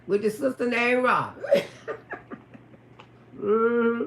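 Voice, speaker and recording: A woman telling a raunchy story on a live stream, loud, profane and laughing often. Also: on the high side, drawn-out words, roomy sound, a little hiss or hum. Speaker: livestream storyteller.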